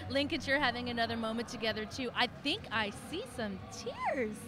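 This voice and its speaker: Fairly high-voiced American woman announcer. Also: sing-song, moderate pace. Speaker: guest roller derby announcer. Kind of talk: live sports commentary.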